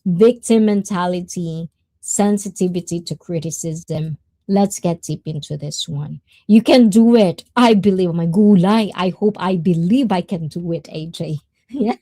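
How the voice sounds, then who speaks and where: A woman's voice: on the low side, unhurried, dark tone, no room sound. A woman hosting a livestream, chatting casually and greeting viewers in the chat. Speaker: livestream host.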